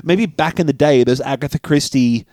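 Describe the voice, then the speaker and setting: A man talks through a film in a relaxed, rambling way, piling up clauses and restarting mid-thought, with a casual swear here and there. His voice sits at an ordinary pitch and is recorded close and dry, with no room sound. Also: normal speed, no echo. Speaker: podcast co-host.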